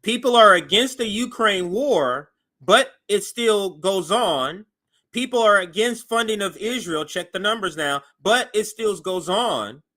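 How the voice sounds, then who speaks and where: A man hosting a show, giving animated political commentary as he reacts to news clips. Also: sits high, measured pace. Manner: animated and conversational, voice jumps up for emphasis.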